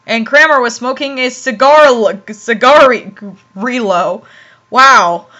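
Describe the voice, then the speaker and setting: A woman with a high, bright voice reads fan fiction aloud and comments as she goes. She giggles often and trips over words as she reads. Her reactions come quickly between the lines. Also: lo-fi sound. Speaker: online host reading fan fiction.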